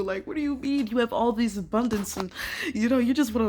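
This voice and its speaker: A young woman ranting casually to camera, filling her talk with "like" and swearing, swinging from quiet musing to loud disbelief. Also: fairly high pitch, fast talker, a little hiss or hum. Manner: emphatic, swears, many filler "like"s. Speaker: vlogger.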